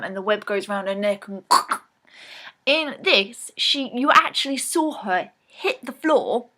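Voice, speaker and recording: A vlogger with a sharp, animated, medium-pitched voice recaps a film to camera at an unhurried pace. She rambles casually, chatting with lots of ums and restarts.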